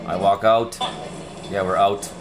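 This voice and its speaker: A man's voice: deep voice, steady tone, unhurried. A young man casually telling a rambling story to his livestream viewers, repeating himself as he goes. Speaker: livestream host.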